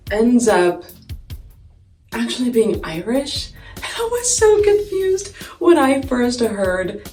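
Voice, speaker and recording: A woman's voice: medium pitch, darkish tone. A young woman telling a story in a casual, chatty way, full of "like" and giggles, while doing her makeup. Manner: chatty, many "like" fillers, giggling. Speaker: vlogger. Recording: echoey room, far mic, faint music.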